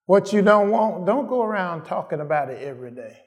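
A man's voice: high-pitched, lively intonation, a little fast. A man preaching a sermon in a call-and-response manner, often asking "Am I right?" and repeating his phrases for emphasis.

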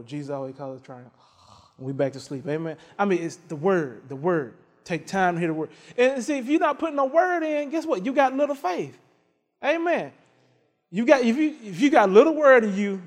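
A man's voice: high-pitched, long reverb tail. A middle-aged man preaching a sermon, telling folksy stories with lots of laughter. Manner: animated, folksy storytelling with laughter. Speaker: pastor.

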